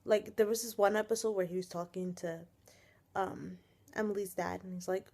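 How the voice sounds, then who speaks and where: Young woman, casual vlog rant, exasperated, frequent sighs, swearing, mid pitch, camera mic. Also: steady tone, normal speed, a little mellow. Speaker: vlogger reviewing a TV episode. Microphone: webcam or built-in camera mic.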